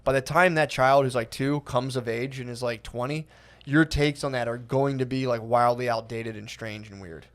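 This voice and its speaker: A man's voice: mid-range voice, steady tone, moderate pace. A young man co-hosting a podcast, telling a rambling story in casual chat, swearing often and mimicking people. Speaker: podcast co-host.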